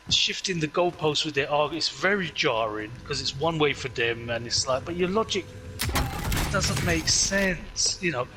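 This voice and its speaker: A man's voice: a little high, rough recording. A man chatting casually while gaming, retelling arguments animatedly and acting out the voices. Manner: animated storyteller, acts out quoted arguments. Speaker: gaming streamer. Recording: clear background noise.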